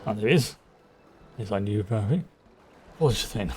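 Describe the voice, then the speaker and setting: A man's voice: on the low side, animated, a little fast, pauses often, soft background music. A man with a London accent giving rambling, chatty commentary while streaming a game, often restarting his sentences. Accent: London English. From England. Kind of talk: casual gameplay commentary.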